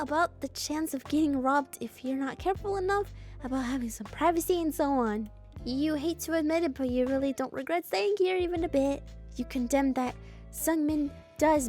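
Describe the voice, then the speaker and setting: A woman streamer reading a story game aloud and breaking off into playful, joking asides. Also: high voice. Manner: playful, jokey, animated asides.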